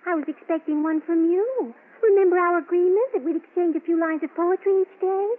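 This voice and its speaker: A woman's voice: very high-pitched, brisk. An actress playing an eager, lovestruck young woman who gushes breathlessly, in 1940s radio comedy style. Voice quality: gushing, breathy. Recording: tinny old radio broadcast.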